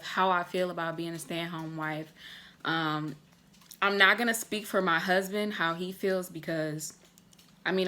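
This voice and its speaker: Chatty young woman with a bright, low voice. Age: 20s. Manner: chatty, relaxed, lots of "like" and "um" fillers; warm and candid, talking straight to viewers. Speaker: vlogger. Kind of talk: casual vlog chat.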